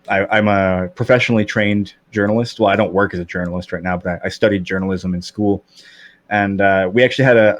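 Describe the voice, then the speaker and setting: A man in his thirties with a slight lisp, chatting candidly as a podcast guest, with many fillers and restarts. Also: sits low. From Canada. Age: 30s. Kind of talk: casual chat.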